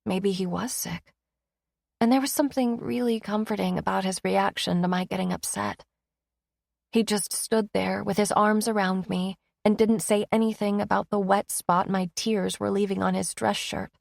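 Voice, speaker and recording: A woman's voice: medium pitch, steady tone, moderate pace, gravelly, a little mellow, no echo, clean studio sound. A woman narrating a first-person romance audiobook in an emotive, intimate reading.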